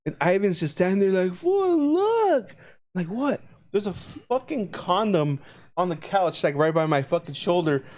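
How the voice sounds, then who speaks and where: Young male podcast co-host, slightly high voice, crude storyteller who mimics his friends. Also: normal speed. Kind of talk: casual chat.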